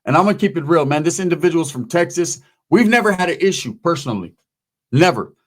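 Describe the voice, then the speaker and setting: A man's voice: a little high, lively intonation, fast talker. A middle-aged man giving a casual monologue commentary, talking in street slang and dropping "man" and "right?" often. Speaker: YouTube commentator.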